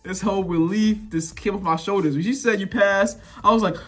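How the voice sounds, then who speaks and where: A young man vlogging, telling a story casually to his viewers with relaxed slang and lots of repetition. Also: high-pitched, fast, faint music behind. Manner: relaxed slangy talk, repeats himself, addresses viewers directly.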